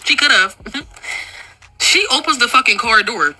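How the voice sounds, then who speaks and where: Bright-voiced young woman telling a storytime. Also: on the high side, a little slow, faint music behind, rough recording. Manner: animated and profane, laughing often. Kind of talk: casual storytime monologue.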